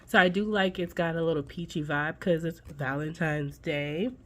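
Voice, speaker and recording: A woman's voice: low-pitched, fairly even intonation, normal speed, fairly bright tone, slight background noise. A congested woman with a nasal voice, chatting casually to viewers as she sets up her budget binder. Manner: chatty, folksy, talks straight to viewers. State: congested, under the weather. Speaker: budgeting channel host.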